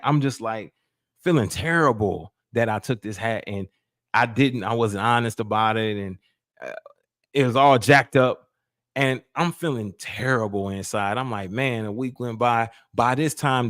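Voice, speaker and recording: A man, casually telling a personal story on a podcast in a lively, colloquial way. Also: medium pitch, no room sound, studio quality. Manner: animated, colloquial, acts out voices in quotes. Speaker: podcast host.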